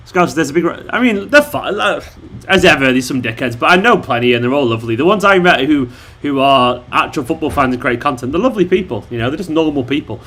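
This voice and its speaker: A man's voice: fairly high pitch, animated, fast, fairly bright tone. An English man hosting a casual live chat, chatty and jokey. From England. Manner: chatty, jokey, trying silly accents. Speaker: channel host.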